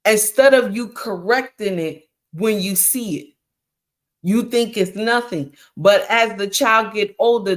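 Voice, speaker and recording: A middle-aged woman hosting a livestream, giving preachy relationship advice with emphatic repetition, often calling listeners honey and mama. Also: medium pitch. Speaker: livestream host.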